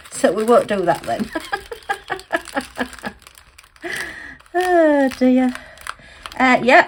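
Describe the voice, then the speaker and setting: A woman's voice: fairly high pitch, slight background noise. A middle-aged woman chats through an unboxing at home, often exclaiming and thanking, heard through a camera mic. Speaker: crafting vlogger. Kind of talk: casual unboxing chat. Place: home room at a desk.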